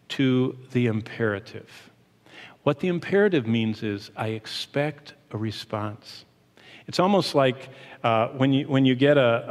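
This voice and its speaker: A middle-aged man delivers a sermon from a church, his voice sitting in the middle of the male range. He preaches with animation, pressing some points slowly and rushing through others. The sound carries a long reverb from the hall around him. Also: medium pitch. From Michigan, USA. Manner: animated preaching, shifting pace and emphasis. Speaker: pastor.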